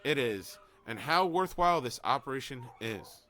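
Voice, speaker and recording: A man's voice: medium pitch, animated, normal speed, pushed and bright. Sarcastic man co-hosting a talk show. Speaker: podcast co-host. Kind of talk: news reading and casual commentary.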